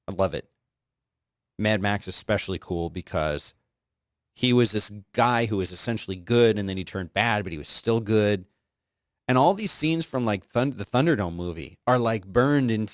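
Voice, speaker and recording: A man's voice: lowish voice, dry recording, studio quality. A man hosting a show in casual, enthusiastic, rambling chat. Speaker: podcast host.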